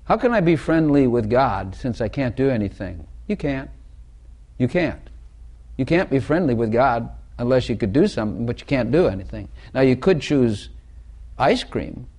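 A man's voice: medium pitch, darkish tone. Male preacher, casual sermon delivery, repeats himself, quizzes the room. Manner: conversational, repeats phrases, asks the listeners questions. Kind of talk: informal sermon.

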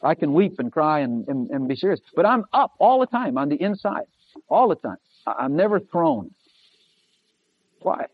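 Emphatic preacher, lo-fi recording. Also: male voice, on the high side, big pitch swings, moderate pace, no echo. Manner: emphatic, repetitive, swings between loud and hushed. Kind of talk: sermon. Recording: dull lo-fi recording.

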